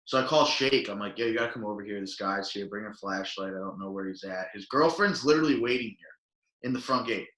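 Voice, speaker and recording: Speaking quickly in a voice on the low side, a young podcast co-host wanders through casual stories, full of filler words and animated quoting. The room he's recorded in is echoey.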